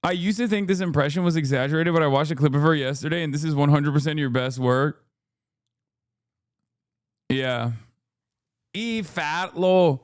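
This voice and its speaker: A man hosting a livestream, reacting to posts with sarcastic, deadpan commentary. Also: fairly high pitch, brisk, long pauses, smooth, no echo, clean studio sound. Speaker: streamer host.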